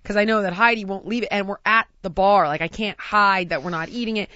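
A woman from the United States tells a comic anecdote in relaxed conversation, bouncing between narration and acted-out quotes with plenty of laughter. Her voice sits at an ordinary middle pitch. The recording is dry and slightly dull. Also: fast, no echo. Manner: animated, laughs through her own story, acts out quotes. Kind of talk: casual storytelling chat.

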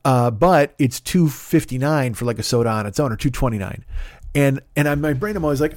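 A man's voice: medium pitch, a little fast, darkish tone, no echo, clean studio sound. Profane rambling man telling a story. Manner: profane, rambling, self-mocking. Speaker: podcast host. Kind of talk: casual storytelling monologue.

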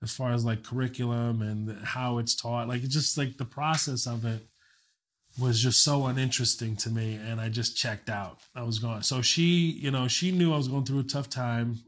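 Profane, animated storytelling man. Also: mid-range voice, moderate pace. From Kuwait, raised in Texas. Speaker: comedian guest. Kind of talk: casual storytelling.

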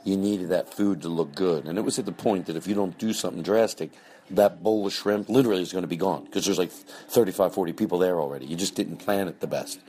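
A man with a very deep voice talks loosely as a podcast host. He rambles, stops himself mid-sentence and drops casual swears. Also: quick pace, mellow.

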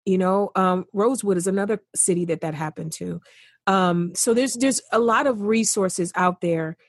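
A woman's voice: mid-range voice, normal speed, dry recording, studio quality. A woman guest in an earnest podcast conversation, speaking with passion and repeating phrases for emphasis.

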